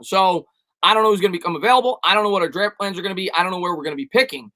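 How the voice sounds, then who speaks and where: A man's voice: high-pitched, very fast, bright, forceful tone. A man answering viewers' chat questions on a casual live stream, rambling and repeating himself as he gives emphatic opinions.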